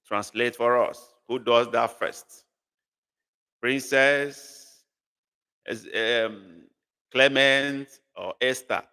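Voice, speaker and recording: A man's voice: mid-range voice, very slow, long pauses, bright, forceful tone, clean tone. A man teaching a live online language class, patiently repeating phrases and coaxing learners to guess. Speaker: language tutor. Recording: long reverb.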